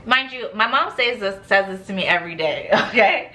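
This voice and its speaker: A woman's voice: medium pitch, expressive, normal speed, pushed and bright, a little hiss or hum. A woman vlogger chatting casually about her skincare, laughing often and acting out stories. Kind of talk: casual chat.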